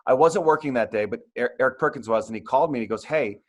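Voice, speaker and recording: A man's voice: medium pitch, racing. A man, a sports anchor, telling a self-mocking story in casual chat. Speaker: sports anchor and podcast guest.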